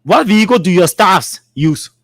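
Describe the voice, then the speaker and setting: High-voiced Liberian man, mocking talk host. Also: expressive, moderate pace, fairly bright tone, dry recording. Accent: Liberian English. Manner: mocking, laughs between readings. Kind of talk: reading and commenting on social media posts. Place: studio.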